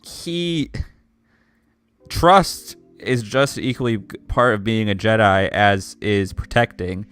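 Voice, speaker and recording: A man's voice: lowish voice, unhurried, a bit bright, clean tone, faint music behind. A young man co-hosting a casual fan review podcast, talking in an earnest, enthusiastic way. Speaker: podcast co-host.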